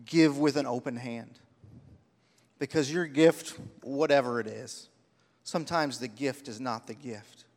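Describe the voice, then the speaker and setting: A man's voice: medium pitch, measured pace, long reverb tail. A man preaching a sermon, telling personal stories with heartfelt, rising emphasis. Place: church sanctuary.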